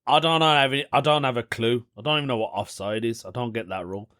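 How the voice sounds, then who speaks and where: A man's voice: medium pitch, fast talker, a bit bright. Chatty man laughing at himself. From United Kingdom. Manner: chatty and rambling, laughs often at his own jokes. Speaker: podcast host. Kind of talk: casual solo podcast chat.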